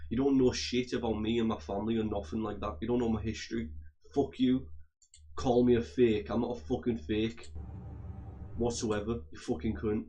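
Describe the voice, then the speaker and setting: A man of average pitch delivers a heated, profane rant straight to his viewers. He keeps circling back, repeating and restarting his phrases as he talks. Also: a little mellow. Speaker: vlogger. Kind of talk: angry profane rant to camera.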